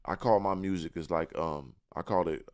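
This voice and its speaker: A man's voice: low voice, normal speed, a little mellow. A man in a casual podcast interview, talking about himself with confidence and often repeating words as he searches for the next one. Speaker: guest.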